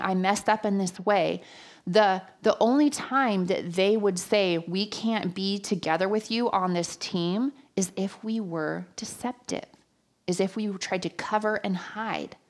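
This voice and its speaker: A woman preaching a sermon, telling personal stories with lively, acted-out quotes. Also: fairly low pitch. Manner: animated storytelling, acts out quotes.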